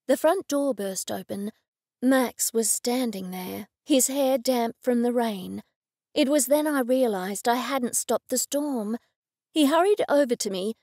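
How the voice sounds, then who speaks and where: A woman audiobook narrator telling a first-person story with expressive, intimate delivery. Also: fairly high pitch, no room sound, studio quality.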